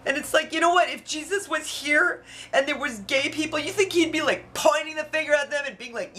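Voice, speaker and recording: A woman's voice: high voice, normal speed, pushed and bright. A woman venting on her video blog, outspoken and frustrated, swearing freely as she talks. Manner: heated, frustrated. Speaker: YouTuber. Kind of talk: emotional vlog rant. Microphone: camera mic.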